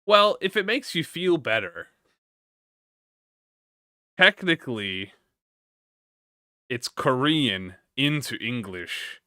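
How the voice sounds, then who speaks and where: A man's voice: medium pitch, very animated, slow pace, pauses often, pushed and bright, no room sound, studio quality. A man livestreaming, chatting casually with viewers and reading a story aloud, stuttering and restarting often. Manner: encouraging, talks to chat with slang.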